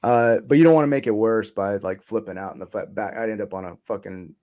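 A man's voice: on the low side, quick pace, mellow. A man telling his story as an interview guest in casual chat, loose and profane, trailing off with ums and short laughs.

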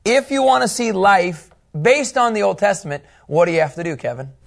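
Animated high-voiced man teaching the Bible. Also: brisk, creaky. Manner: animated, asks the class questions.

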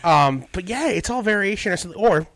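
A man's voice: high-pitched, animated, fast talker, a bit bright, no echo. A male stand-up comedian chatting casually and animatedly about his impressions. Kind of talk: casual podcast chat.

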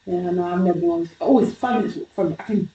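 A young woman with an English accent, co-hosting a casual podcast chat, talking fast and slangy. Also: lowish voice, mellow, echoey room, far from the mic, highs cut off. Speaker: podcast co-host.

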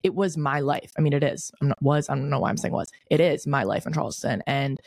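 A woman in her twenties hosting a podcast, telling a story in a casual, animated way, full of "like" fillers. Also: sits low, fast talker, gravelly. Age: 20s. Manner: chatty, lots of "like" fillers, animated retelling. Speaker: podcast host.

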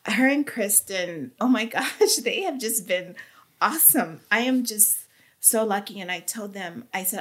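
A woman being interviewed, giving an emotional personal testimony with halting, earnest speech and fighting back tears. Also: mid-range voice, animated, fairly bright tone. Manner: earnest, halting, with many fillers. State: tearful, near crying.

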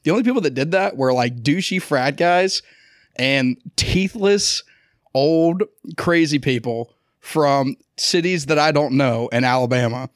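A man's voice: on the high side, animated, measured pace, no echo, clean studio sound. A man from Atlanta co-hosting a sports podcast, telling blunt, profane stories in casual chat. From Atlanta, Georgia. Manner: blunt, swearing storyteller. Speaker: podcast co-host.

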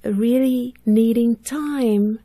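A woman's voice: fairly high pitch, very slow. A woman talking about children's personalities on a faith-based parenting podcast, laughing often and acting out a child's complaints. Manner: animated, laughs often, acts out children's voices. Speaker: parenting podcast guest expert. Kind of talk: casual Christian parenting talk.

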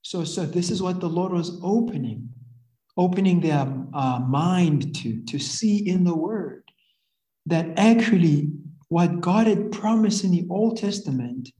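Slow, mellow-voiced male preacher. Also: high-pitched, animated. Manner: earnest, halting, rephrasing and repeating phrases. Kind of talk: sermon. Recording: echoey room.

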